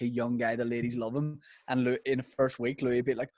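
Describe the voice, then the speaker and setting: A man, co-hosting a podcast and telling an animated comic story. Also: mid-range voice, fast, no room sound, studio quality. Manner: animated, slips into mimicking voices mid-story. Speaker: podcast co-host. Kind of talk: casual comedic storytelling.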